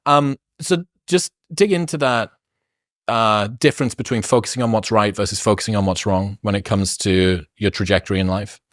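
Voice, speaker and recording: Low-voiced male interviewer. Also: normal speed, a bit bright, no echo, studio quality.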